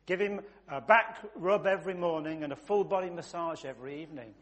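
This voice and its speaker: A man telling a joke voices a hospital consultant giving solemn, repeated instructions in a fairly high voice. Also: brisk, a bit bright, close to an everyday voice. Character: grave male hospital consultant giving orders.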